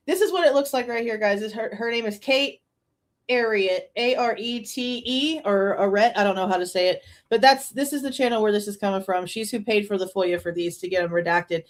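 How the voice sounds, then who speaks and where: A woman hosting a true crime reaction show, talking casually in an animated, incredulous way, with slang and frequent laughs. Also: medium pitch, a little fast. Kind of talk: casual commentary.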